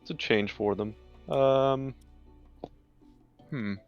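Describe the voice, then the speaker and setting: A man's voice: medium pitch, very slow, smooth, muffled recording, faint music behind. A man playing a tabletop game, musing casually and chuckling. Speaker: player.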